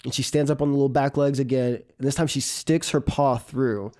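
A man, a comedian, telling a personal story on stage in an animated way, often laughing and imitating a cat's meows. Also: mid-range voice, fairly quick. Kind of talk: live storytelling.

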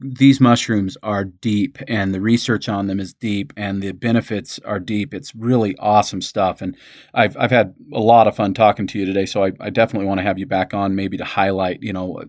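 A man hosting a conversation, relaxed and a little hesitant, with many fillers. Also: fairly low pitch, fairly quick, no room sound, clean studio sound. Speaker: host. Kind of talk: casual chat.

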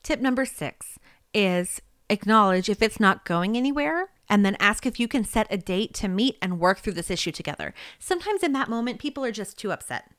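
A woman's voice: mid-range voice, lively intonation, brisk, fairly bright tone, no echo, clean studio sound. Conversational woman giving workplace tips. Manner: conversational, checks in with "okay?" and "right?", laughs easily. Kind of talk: spoken advice lesson.

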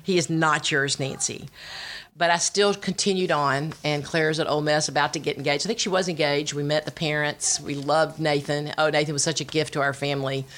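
Brief: middle-aged woman, low voice, lively storytelling testimony. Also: a little fast. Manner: animated storytelling with voiced quotes. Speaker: speaker sharing testimony. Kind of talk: personal testimony talk.

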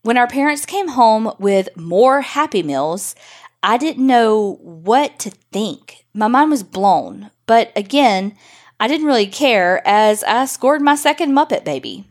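A woman's voice: fairly high pitch, lively intonation, slow pace. A woman podcast host reading a listener's story aloud in a wry, profane, conversational way.

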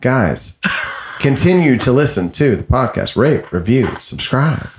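A man's voice: mid-range voice, sing-song, a little slow, a little hiss or hum. A man hosting a podcast in a laid-back, casual way, with lots of fillers. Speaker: podcast host.

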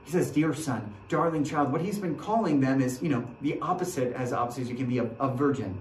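A man preaching a sermon as pastor, earnest, repeating his phrases, dropping to a hush and then rising to a rousing call. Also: mid-range voice, quick pace, a little hiss or hum. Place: church sanctuary. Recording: echoey church from a distant mic.

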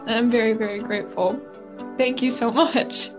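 A woman with a rather high voice, overwhelmed and grateful, with music clearly heard behind her. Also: steady tone, normal speed. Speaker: internship candidate.

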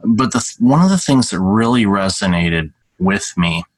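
Deep-voiced middle-aged man, rambling host. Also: animated, normal speed, no room sound, low-quality recording. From Canada. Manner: rambling, self-deprecating, with many fillers. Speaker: podcast host. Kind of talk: casual solo podcast talk.

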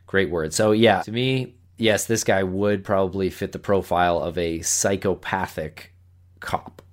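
Deep-voiced male podcast co-host. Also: measured pace. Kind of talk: casual true-crime discussion.

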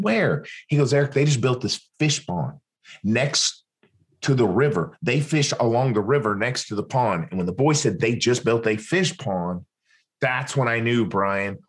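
A man, a former interrogator telling a story in an interview, acting out what other people said. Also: on the low side. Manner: animated, acts out other people's lines. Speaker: guest, former military interrogator.

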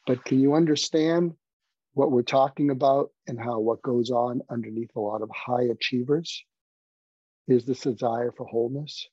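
A man's voice: mid-range voice, normal speed, dark tone, no room sound, muffled recording. A man who is a doctor and podcast guest, telling stories earnestly in a conversational, anecdotal way.

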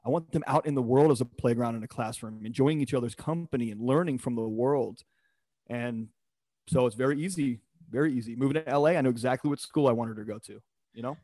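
A man's voice: medium pitch, fast, mellow, no room sound. A man guesting on a podcast, talking about his personal mission in an emphatic, motivational way, blunt and with the odd swear word. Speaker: podcast guest, performance coach. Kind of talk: casual podcast conversation.

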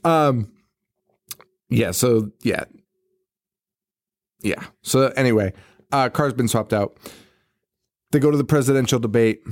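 A man's voice: medium pitch, takes it slowly, pauses often, a little mellow, no room sound, clean studio sound. A man co-hosting a podcast, chatting casually about a movie, laughing often, swearing and acting out the characters' lines. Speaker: podcast co-host. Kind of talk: casual chat recapping a movie.

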